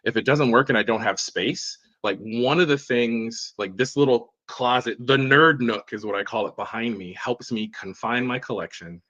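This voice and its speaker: A man's voice: medium pitch, moderate pace, few pauses, sharp tone, highs cut off. A man guesting on a casual livestream chat, upbeat and reflective, peppering his talk with "like" and "right?". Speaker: guest collector.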